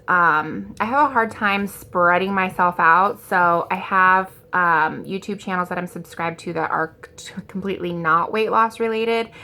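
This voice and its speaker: A woman's voice: fairly low pitch, pushed and bright. A woman in her thirties talking casually in a rambling, self-deprecating vlog, full of ums and likes, and scatterbrained by her own account. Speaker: vlogger.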